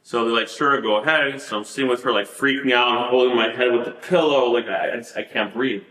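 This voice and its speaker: A man's voice: mid-range voice, fast, pushed and bright, roomy sound, rough recording. A man telling his story as a podcast guest, rambling with many fillers and laughing at the absurd parts. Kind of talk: storytelling in a casual interview.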